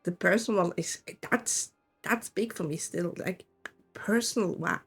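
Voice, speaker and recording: A woman's voice: fairly low pitch, a little slow, creaky, husky, faint music behind. A woman from Switzerland with a Swiss German accent, chatting casually and giggling often while streaming a game. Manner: giggly, frequent laughs. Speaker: vtuber streamer.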